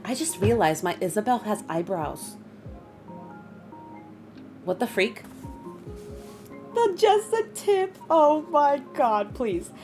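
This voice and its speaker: A young woman talks casually to her live-stream viewers, reading their names and chatting between moves. Her pitch swings widely, and soft game music plays faintly underneath. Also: lively intonation, slow, long pauses. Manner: chatty, greets chat, bursts of high laughter.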